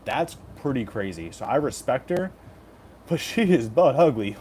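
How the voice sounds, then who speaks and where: A man's voice: mid-range voice, sing-song, moderate pace, darkish tone, a little hiss or hum. Joking, profane man in his thirties. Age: 30s. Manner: joking, profane, reads chat aloud. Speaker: betting picks streamer. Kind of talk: casual live-stream chat.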